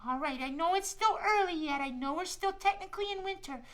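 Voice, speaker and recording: A man's voice: extremely high pitch, brisk, pushed and bright, pitched above the performer's own voice. A man voicing a shy, friendly little squirrel puppet in a children's show, eager and chatty and tripping over repeated words.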